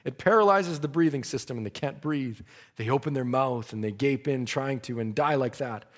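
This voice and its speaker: A man's voice: medium pitch, moderate pace, big-room sound. A man preaching a sermon, telling a story dramatically and breaking into praise.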